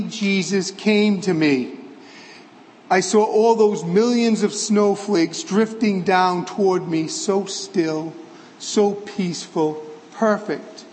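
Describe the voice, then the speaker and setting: A man voicing a frail, dying elderly bishop who speaks quietly, slowly and tenderly. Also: sits high, long reverb tail. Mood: awed.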